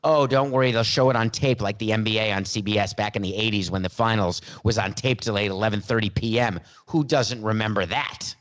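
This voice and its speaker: A man's voice: fairly low pitch, steady tone, brisk, hardly any pauses, fairly bright tone. A man hosting a sports talk podcast, delivering a sarcastic, playful monologue with theatrical emphasis and asides, into a studio mic. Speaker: podcast host.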